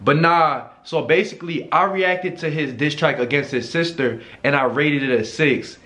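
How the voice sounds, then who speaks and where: A man giving casual reaction commentary, animated, slangy and joking. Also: a little high, normal speed. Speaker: YouTuber reacting to a video.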